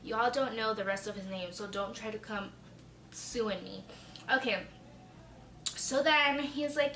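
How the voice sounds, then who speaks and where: A woman's voice: mid-range voice, measured pace, pauses often, pushed and bright, a little hiss or hum. A young woman telling a dramatic, chatty storytime vlog, swearing freely. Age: young adult. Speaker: vlogger. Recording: echoey room, mic a bit far.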